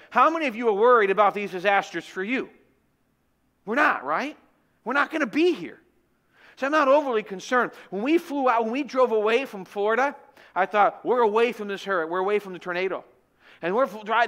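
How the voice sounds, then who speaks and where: Bright high-voiced joking preacher man. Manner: animated, joking, conversational. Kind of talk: sermon with humorous personal storytelling. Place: church.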